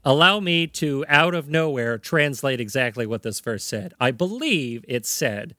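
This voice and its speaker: A man's voice: mid-range voice, lively intonation, unhurried, few pauses, sharp tone, no echo, clean studio sound. A man co-hosting a podcast in casual chat, cracking wry jokes. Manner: jokey, wry. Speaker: podcast co-host.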